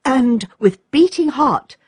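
A woman reads a children's storybook aloud, taking it slowly and letting her pitch rise and fall with plenty of life. Her voice has a soft, breathy quality. The sound is dry and close, with no room around it. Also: animated, no echo. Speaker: narrator. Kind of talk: storybook reading.

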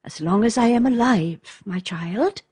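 A grave, tender princess speaks with a mother's sorrow, voiced by a woman reading a storybook. Her husky voice moves at an unhurried pace. It is recorded close and dry, with no room sound. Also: medium pitch, a little mellow, dry recording. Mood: sad, grave. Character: gentle, sorrowful young widowed princess mother.

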